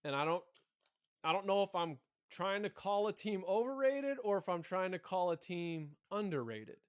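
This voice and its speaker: High-voiced man on a sports podcast. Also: moderate pace, clean tone, no echo, studio quality. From Arkansas. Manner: animated, repeats words when thinking. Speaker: podcast co-host. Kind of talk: casual sports chat.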